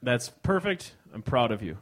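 A man hosting a live comedy show, delivering a mock-outraged stand-up monologue that swings between loud bursts and mumbled asides. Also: medium pitch, sing-song, moderate pace. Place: live ballroom stage.

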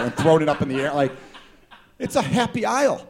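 A male stand-up comedian with a slightly high voice and a profane, riffing delivery. He works a small live crowd, swinging between loud bursts and mutters. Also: sing-song, fast talker.

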